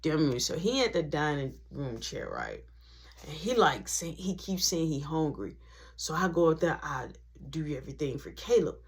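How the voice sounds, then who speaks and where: A woman's voice: low voice, moderate pace, breathy edge. A woman telling a story from her past in a casual vlog, acting out the people in it. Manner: animated, acts out every voice.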